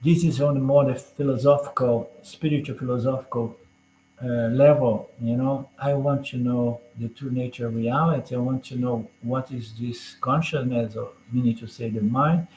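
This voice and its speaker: A man's voice: medium pitch, steady tone, moderate pace, darkish tone, slight background noise. A man teaching a scripture class in a conversational lecture style. He tosses in "you know?" and light jokes as he explains. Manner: chatty, peppers points with "you know?" and jokes. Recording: roomy echoey room.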